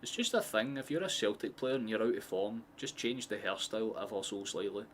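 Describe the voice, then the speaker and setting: A Scottish man streams a football watchalong, his fairly low voice running a loose, excitable, swear-heavy commentary. He wanders into chatty asides between plays, with a faint steady hum behind him. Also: brisk. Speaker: streamer hosting a match watchalong. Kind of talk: live casual football commentary.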